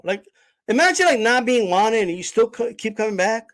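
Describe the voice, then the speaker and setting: Brief: high-voiced man, livestream host, blunt and confrontational rant. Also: expressive, normal speed, a bit bright. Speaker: boxing channel host.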